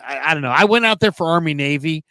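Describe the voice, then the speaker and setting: Middle-aged guy running a sports call-in, kinda high voice, dry close mic. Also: fast talker, dry recording. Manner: animated storyteller, acts out quoted voices. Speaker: sports talk show host.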